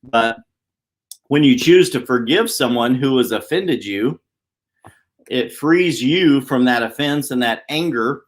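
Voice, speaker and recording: A man hosting a weekly motivational live stream from a downtown office, talking fast and chatty. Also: medium pitch, expressive. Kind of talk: casual live-stream talk.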